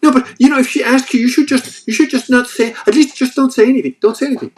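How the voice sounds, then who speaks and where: A man mimics a nagging young wife in a breathless falsetto-ish voice that is squeezed and strained. She pleads nonstop and pushes her husband hard. It's a storyteller's impression. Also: fast talker, a little hiss or hum. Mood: pleading.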